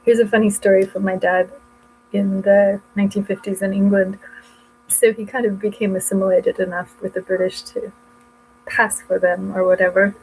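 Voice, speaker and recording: A woman's voice: medium pitch, level tone, normal speed, darkish tone, slight background noise, poor audio. A woman vlogging at home in a casual, rambling way, often breaking off mid-thought as she shows her books. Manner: rambling, chatty, self-interrupting. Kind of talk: casual chat showing books.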